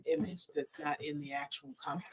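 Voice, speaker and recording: A woman's voice: low-pitched, fairly even intonation, brisk, crowd noise. A woman co-hosting a casual livestream, teasing and finishing her partner's sentences. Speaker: co-host.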